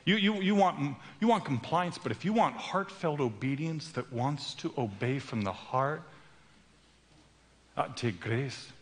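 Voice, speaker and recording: A man preaching a sermon with animated storytelling that swings into loud outbursts. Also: mid-range voice, measured pace. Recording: long hall reverb.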